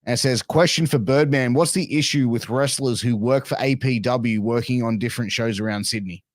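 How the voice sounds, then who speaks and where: A man's voice: medium pitch, a little fast, no echo, studio quality. A man hosting a podcast, laid-back and prodding his guest with questions. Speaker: podcast host. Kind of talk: casual podcast interview.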